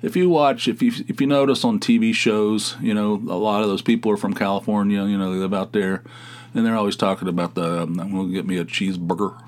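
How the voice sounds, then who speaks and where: Man, from the US, podcast host, slightly low voice, rambling solo chat, self-deprecating. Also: fairly even intonation, fairly quick, a little mellow. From United States. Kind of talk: casual solo podcast monologue.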